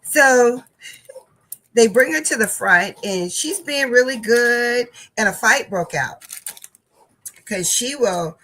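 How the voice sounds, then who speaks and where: A woman's voice: fairly high pitch, lively intonation, slow, long pauses, fairly bright tone, low-quality recording. A woman hosting a crafting channel, telling a casual story and often laughing while she talks.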